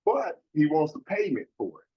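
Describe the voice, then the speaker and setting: A man on a casual podcast panel, speaking in a deadpan, drawn-out way. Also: on the high side, highs cut off.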